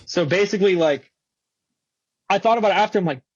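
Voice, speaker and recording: Young male skater guest, husky, slangy storyteller, dull dry studio audio. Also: high voice, quick pace, dry recording. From Florida. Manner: slangy, animated, swearing, many fillers. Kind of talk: casual storytelling.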